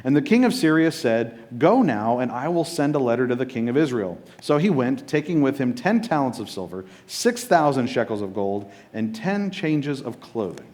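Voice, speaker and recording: A man's voice: medium pitch, sing-song, moderate pace, hardly any pauses, darkish tone. A man preaching a sermon as pastor, casual and joking, often checking in with his listeners.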